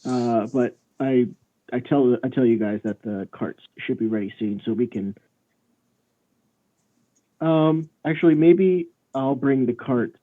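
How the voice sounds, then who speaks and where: A man's voice: mid-range voice, a little slow. A hesitant, stammering man takes his turn in a tabletop game. His voice comes through a thin, phone-like line. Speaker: player.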